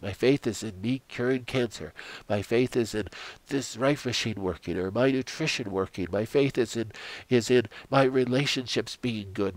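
An older man giving an earnest devotional sermon, telling stories dramatically and sinking into quiet prayer. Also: mid-range voice, dry recording. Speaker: Christian health coach.

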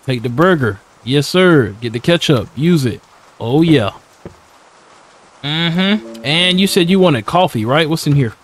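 A gaming YouTuber, a young man, offers casual let's-play commentary on a horror game, slangy, laughing often, and talking back to the characters. His voice sits on the high side with lively intonation and an unhurried pace, plus a little hiss or hum.

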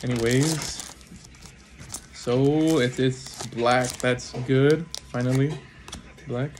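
Slow-talking man opening card packs. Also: mid-range voice, background noise. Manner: names cards one after another, bursts into excited exclamations, apologizes often. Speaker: trading card pack opener. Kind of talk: casual unboxing commentary.

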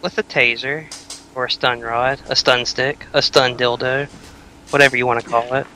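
A man's voice: medium pitch, steady tone, normal speed, pushed and bright, a little hiss or hum, poor audio. A man giving casual, joking commentary over a co-op video game and swearing freely. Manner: joking, swears, plays with voices. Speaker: let's play commentator.

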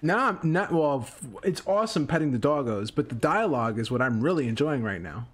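A man's voice: a little high, very animated, fairly quick. Rambling, swearing gamer man. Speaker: streamer playing a video game. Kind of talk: casual gameplay commentary.

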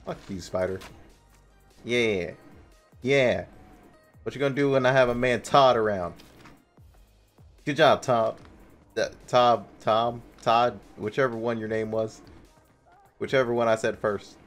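A young man giving casual gameplay commentary as a streamer, excitable, laughing often and yelping and swearing at enemies. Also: mid-range voice, a little slow, pauses often, faint music behind. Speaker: gaming streamer.

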